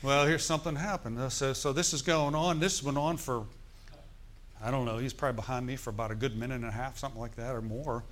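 A middle-aged man preaching to his congregation, telling a story loosely and with animation and often asking his listeners questions. His voice sits at an ordinary middle pitch. A faint noise runs under the recording. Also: fairly even intonation, fast, a bit bright. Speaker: pastor. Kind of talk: sermon storytelling.

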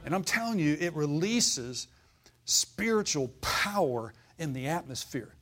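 A man's voice: on the high side, very animated, measured pace, a bit bright. A man preaching a sermon as pastor, folksy and fiery, calling out to the congregation for responses.

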